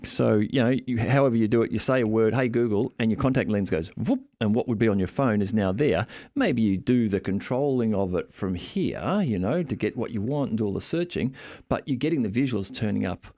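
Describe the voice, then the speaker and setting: A man's voice: fairly low pitch, a little fast, few pauses, no room sound. A man in casual podcast chat, telling stories and acting out the people in them. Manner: animated storyteller, acts out quoted voices.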